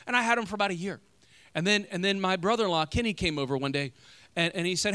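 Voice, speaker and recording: Animated young pastor preaching a sermon. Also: male voice, sits high, quick pace, clear, resonant tone, dry recording, studio quality. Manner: animated storytelling, rising loud when acting out arguments; casual, many fillers like "you know" and "like".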